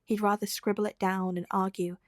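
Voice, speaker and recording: A woman reading fan fiction aloud as an audiobook narrator, with a soft, even storytelling delivery close to the mic. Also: medium pitch, brisk, no room sound. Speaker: podfic reader.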